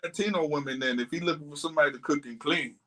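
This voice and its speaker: A man's voice: a little high, racing, a bit bright. A man co-hosting a casual chat show, adding wry, joking remarks about a reality dating series. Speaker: podcast co-host.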